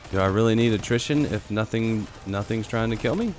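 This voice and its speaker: A man giving casual live commentary on his own gameplay, talking to himself and his viewers and jumping into high excited yelps. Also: a little fast, background noise. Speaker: game streamer.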